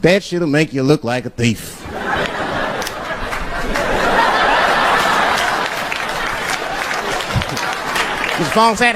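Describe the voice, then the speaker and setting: Animated comedian on a live stage. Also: male voice, a little high, very slow, long pauses. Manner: animated storytelling, swinging between voices. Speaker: stand-up comedian. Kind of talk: stand-up comedy set. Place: live stage before an audience. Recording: live stage with crowd noise. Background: audience laughter.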